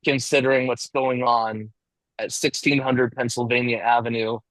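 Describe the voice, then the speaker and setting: A man gives an informal lecture to a small group in a meeting room. His voice sits in a middle register, and he talks in a measured, reflective way, sometimes restarting a phrase. The sound is dry, with little room echo. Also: medium pitch, flat delivery, a bit bright. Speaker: discussion group leader.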